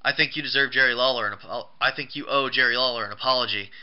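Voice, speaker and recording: A man's voice: mid-range voice, fast talker, highs cut off, lightly acted. A man doing a cocky, taunting wrestler.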